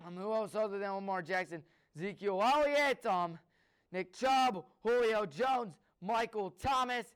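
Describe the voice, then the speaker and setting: A man's voice: sits high, expressive, measured pace, fairly bright tone, smooth. A man hosting a solo sports talk show, eagerly listing names with frequent fillers. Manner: enthusiastic, rattles off lists of names with fillers. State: out of breath.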